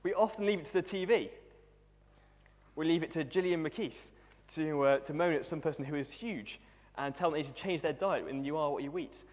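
A man's voice: on the high side, a little fast. A young man in his twenties preaching a sermon, humorous and self-deprecating as he tells stories. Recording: long hall reverb.

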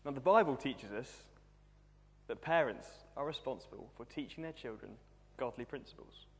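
Preacher in a reverberant hall. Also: male voice, medium pitch, animated, normal speed, a bit bright. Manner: humorous, self-deprecating storytelling. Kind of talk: sermon.

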